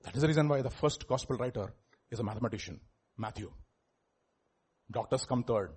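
A male pastor preaching a sermon, animated, chuckling and rising to loud emphasis, often asking the congregation questions. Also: mid-range voice, fairly quick, breathy edge.

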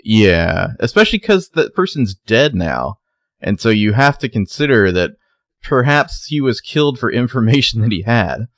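Dry, low-voiced man recapping a show. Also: sing-song, normal speed, dry recording. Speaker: podcast co-host. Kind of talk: casual recap chat.

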